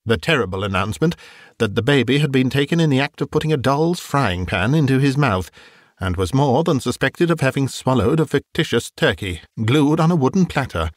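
A man narrating a classic novel in an expressive, measured storytelling style. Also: medium pitch, dry recording, clean studio sound. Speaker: audiobook narrator.

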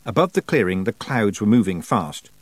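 A man narrating an audiobook with expressive storytelling and wry timing. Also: lowish voice, normal speed, no room sound.

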